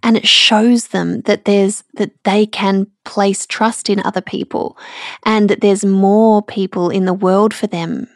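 A woman, hosting a personal podcast, speaking candidly and emotionally with halting restarts, close to tears. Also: medium pitch, steady tone, no room sound. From Australia. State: tearful. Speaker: podcast host.

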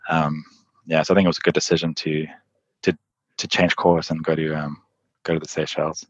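A man's voice: very deep voice, little pitch movement, breathy edge, no echo, highs cut off. A man guest telling adventure stories in a casual interview, rambling with lots of "like" and laughing often. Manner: fast, laughing, rambling with many "like"s. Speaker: endurance athlete guest.

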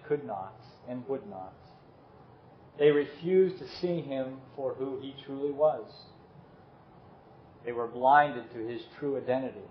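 A man preaching a sermon and leading a closing prayer, earnest and dropping softly on key words. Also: medium pitch, a little hiss or hum. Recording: echoey room, slightly dull sound.

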